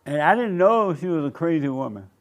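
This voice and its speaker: A man who is a pastor and show host tells a story in casual, colloquial language, laughing often and firing off punchy retorts. His voice runs on the high side, expressive and a little fast.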